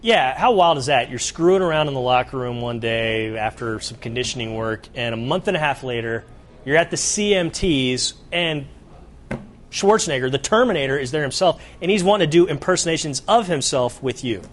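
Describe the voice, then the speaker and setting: A man co-hosting a sports show, chatting casually and telling lively stories. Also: mid-range voice, a little hiss or hum. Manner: animated storyteller, does a quick impression. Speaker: co-host.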